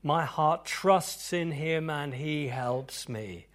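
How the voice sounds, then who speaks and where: Preaching and praying before his congregation, a pastor swings from near-whispers to loud, fervent declarations. He has a mid-range male voice, speaks a little slowly and rarely pauses.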